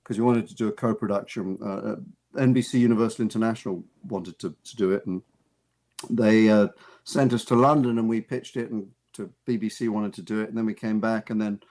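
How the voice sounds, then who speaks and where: A man's voice: on the low side, steady tone, a little fast, darkish tone. A male actor and author, a guest in an interview, telling amused stories in a rambling way, with many restarts and repeated words. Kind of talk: casual anecdotal storytelling. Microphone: radio studio mic.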